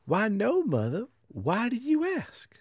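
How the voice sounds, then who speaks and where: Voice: mid-range voice, wildly swooping pitch, a little mellow, slightly rough, no room sound, clean studio sound, pitched above the performer's own voice, heavily acted. Someone doing a snooty, singsong princess. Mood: coy. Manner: snooty, drawn-out, exaggerated. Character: haughty young princess, spoiled. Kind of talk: comic storytelling with voices.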